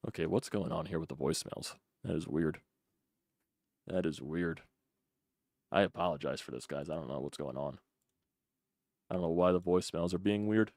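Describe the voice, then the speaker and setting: A man's voice: low voice, moderate pace, long pauses, a little mellow, no echo, studio quality. A man hosting a casual fan call-in sports show, frustrated and profane, repeating himself as he talks. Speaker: sports podcast host.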